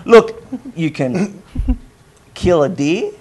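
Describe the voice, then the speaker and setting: An Australian man who is a guest on a studio panel chat, joking in a playful, quick way. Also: high-pitched, big pitch swings, a crowd in the background. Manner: jokey, playful, quick-talking banter.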